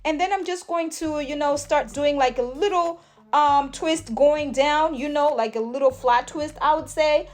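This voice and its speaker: A woman's voice: high voice, moderate pace. A woman chatting through a hair tutorial in a hyper, gushing way, calling her viewers honey and sis. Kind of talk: casual tutorial chat.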